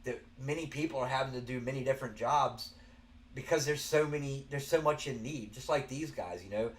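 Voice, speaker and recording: Speaking fairly quickly in a mid-range voice, a Southern American man hosts a show and offers casual commentary. He's earnest but rambling, frequently starting his sentences over.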